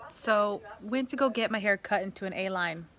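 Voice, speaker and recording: A woman's voice: mid-range voice, a bit bright. A woman vlogging in a casual, rambling way, telling her story with an exasperated tone. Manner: chatty, exasperated, rambling with fillers.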